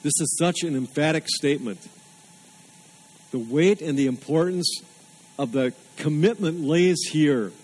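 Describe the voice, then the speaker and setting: A man's voice: on the high side, measured pace, long pauses, a little mellow, husky, low-quality recording. A man preaching a sermon, earnest and emphatic, repeating phrases for weight. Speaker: pastor.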